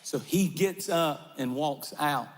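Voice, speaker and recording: A high-voiced man preaches slowly and with fire, pushing up into shouts at his strongest lines. He is in a large church where the sound rings out in a long hall reverb, with faint music underneath. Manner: impassioned, shouting at peaks, storytelling. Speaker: pastor. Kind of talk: sermon.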